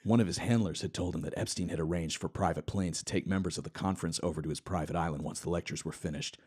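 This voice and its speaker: A man with a low, deep voice reads a satirical short story aloud in a flat, deadpan way. He co-hosts a comedy podcast and keeps a straight face through the text. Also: fast talker, husky. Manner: deadpan reading, breaking into laughter. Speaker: podcast co-host. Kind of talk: reading satirical fiction aloud.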